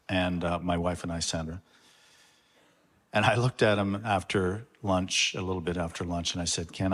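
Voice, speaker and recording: Male pastor, lowish voice, halting earnest address, church reverb. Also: fairly bright tone. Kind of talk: introducing a guest to the congregation. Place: church sanctuary.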